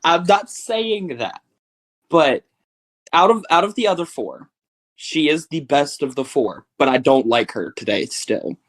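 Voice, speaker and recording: A man's voice: on the high side, lively intonation, a little slow, fairly bright tone. A man co-hosting a podcast who interjects bluntly, argues, and swears casually. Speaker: podcast co-host. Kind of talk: casual chat.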